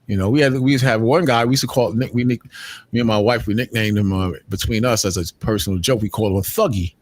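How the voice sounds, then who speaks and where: A man's voice: on the low side, quick pace, no room sound. A man telling street stories in casual chat, acting out others' lines in raised voices. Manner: animated, acts out street dialogue in raised voices.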